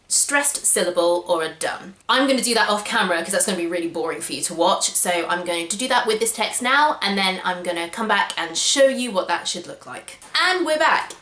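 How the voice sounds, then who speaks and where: A woman's voice: mid-range voice, sharp tone. A woman actor talking to a camera on a tripod, chatty and upbeat as she explains her method step by step. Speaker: actor sharing audition tips. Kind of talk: casual instructional vlog to camera. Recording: echoey room.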